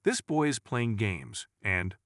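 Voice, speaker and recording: A man's voice: fairly low pitch, animated, slow, dry recording, clean studio sound, heavily acted. A man voicing an impatient, scornful male prosecutor who speaks sharply. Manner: sneering, sharp.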